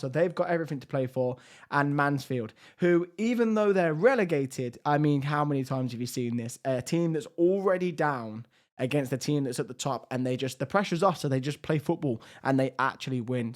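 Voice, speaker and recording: Young male game commentator, slightly high voice, strained, swings hushed to excited. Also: normal speed. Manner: lively, shifts between hushed and excited. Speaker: gaming YouTuber.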